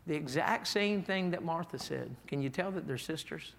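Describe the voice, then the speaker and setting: A man's voice: on the high side, animated, normal speed, creaky, a bit bright. A man preaching a sermon as pastor, in a folksy, emphatic way, reading scripture. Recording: echoey hall.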